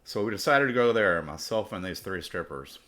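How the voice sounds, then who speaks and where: Profane, deep-voiced storyteller. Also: male voice, lively intonation, moderate pace, fairly bright tone. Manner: profane, rambling. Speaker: podcast storyteller. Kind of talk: casual storytelling.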